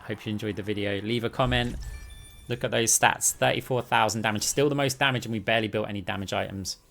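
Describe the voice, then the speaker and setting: A man from the UK, a gaming YouTuber, giving quick, excited play-by-play of his own match with asides to viewers. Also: lowish voice. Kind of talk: gameplay commentary. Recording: clear game music underneath.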